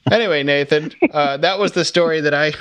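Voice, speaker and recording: A male podcast host in casual chat, dropping quick jokey asides and thanking his guest. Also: fairly high pitch, a bit bright, clear, resonant tone, no echo.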